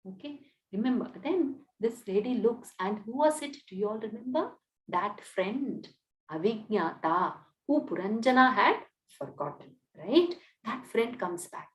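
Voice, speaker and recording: A woman narrates a scripture tale to listeners in an animated, sing-song way, checking in with "okay" as she goes. Her voice is somewhat high and swings widely. The room adds noticeable echo. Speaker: storyteller. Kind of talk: story narration to an audience. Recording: roomy echo.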